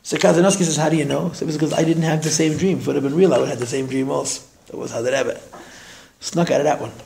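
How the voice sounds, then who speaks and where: A man teaching a class and telling a story with a fairly high voice. He acts out the people he quotes, pushing his voice up for them. He often doubles back on his words as he talks. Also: very fast, creaky. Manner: animated, raises his voice when quoting people; repeats words as he thinks. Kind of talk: storytelling lecture.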